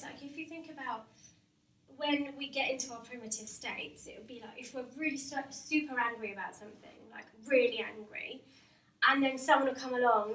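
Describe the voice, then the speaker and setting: A woman with a high voice gives a live workshop talk to staff. She speaks in a chatty way, laughing often and asking the room questions. The recording sounds roomy and distant, with faint background noise. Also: a bit bright. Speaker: hypnotherapist giving a staff talk. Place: company meeting room with a live audience.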